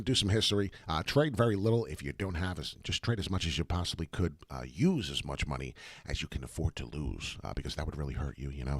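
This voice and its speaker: A man hosting excited crypto chart commentary, repeating himself and dropping rhyming asides. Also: low voice, no echo, studio quality. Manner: animated, repetitive, rhyming asides. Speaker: crypto chart analyst host.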